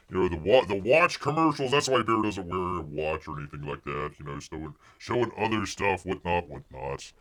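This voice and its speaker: A man's voice: lowish voice, a bit bright. A man hosting a casual livestream, telling a rambling story with many fillers and restarts. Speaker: livestream host.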